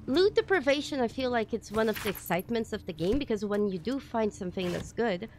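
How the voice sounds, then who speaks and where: A woman streaming a game live, reacting excitedly, swearing, and thanking viewers in casual chat. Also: a little high, fairly quick, slight background noise. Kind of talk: live gameplay commentary.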